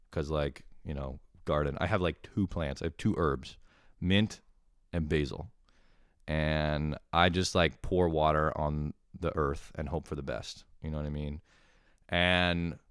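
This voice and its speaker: A man's voice: low-pitched, clear, resonant tone, dry recording, clean studio sound. A man telling rambling comic stories in a loose, profane way, full of "like" fillers. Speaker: comedian.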